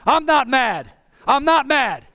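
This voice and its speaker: A man preaching a sermon with passion, often rising to a shout. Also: very high voice, sing-song, slow, dry recording. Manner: impassioned, bursts into shouting.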